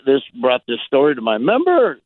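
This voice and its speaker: A man's voice: mid-range voice, huge pitch swings, a little fast, no echo, phone-quality sound. A middle-aged man, a comedian guest, telling a rambling story in a casual interview, laughing and acting out the people he quotes.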